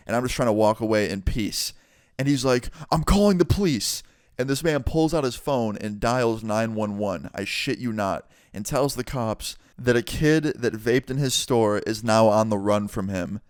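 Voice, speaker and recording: A man's voice: lowish voice, clear, resonant tone, dry recording, studio quality. Casual profane young man telling a story. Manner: casual, profane, animated retelling. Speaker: vlogger. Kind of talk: storytime vlog.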